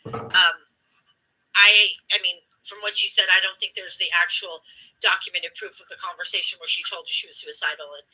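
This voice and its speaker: A woman's voice: lowish voice, fairly even intonation, normal speed, pushed and bright, slightly rough, rough recording. A woman host telling a story with emphatic, blunt, profane delivery, acting out the dialogue as she goes. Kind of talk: impassioned storytelling commentary.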